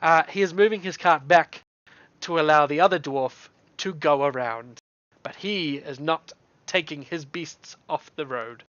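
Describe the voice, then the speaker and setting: A game master, narrating a tabletop game in a relaxed way, often laughing. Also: mid-range voice, a little slow, no room sound. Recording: dull dry lo-fi recording.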